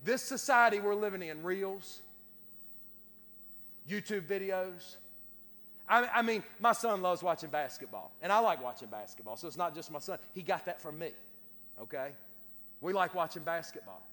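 A man's voice: high-pitched, lively intonation, moderate pace, pauses often, a bit bright. A man preaching a sermon as pastor, repeating words and restarting phrases as he builds his cadence. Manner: repetitive stammering restarts, rising to a preacher's cadence. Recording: long hall reverb.

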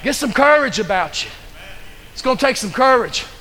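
A man's voice: extremely high pitch, expressive, moderate pace, sharp tone, in a large hall. A man preaching a fervent sermon as pastor, pressing the congregation with repeated questions. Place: church sanctuary.

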